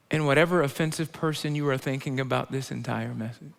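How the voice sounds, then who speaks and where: Animated preacher in a reverberant hall. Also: male voice, fast, vocal fry, hardly any pauses. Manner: animated, swings between loud emphasis and low quiet asides. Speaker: pastor. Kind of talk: sermon. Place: large church auditorium.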